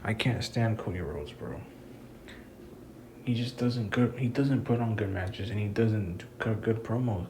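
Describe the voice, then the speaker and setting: A man's voice: on the low side, unhurried, darkish tone, slight background noise, low-quality recording. A man giving a casual, rambling wrestling review, frustrated and swearing freely. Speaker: wrestling commentator vlogger.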